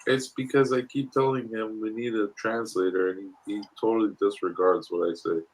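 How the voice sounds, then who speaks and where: A man's voice: on the low side, level tone, fairly quick, rough recording. A man in a heated online voice chat with a needling, provocative way of talking.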